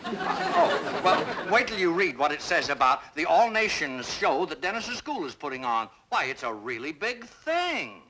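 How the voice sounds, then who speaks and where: A man's voice: a little high, huge pitch swings, measured pace, background noise. An actor voicing a fussy, grumpy older male neighbor in a cartoon, blustery and exasperated. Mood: pompous. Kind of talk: cartoon voice acting.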